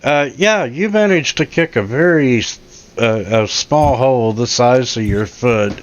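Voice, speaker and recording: A man's voice: mid-range voice, a little slow. A man running a tabletop game as game master, describing scenes hesitantly with many fillers, on dull lo-fi audio.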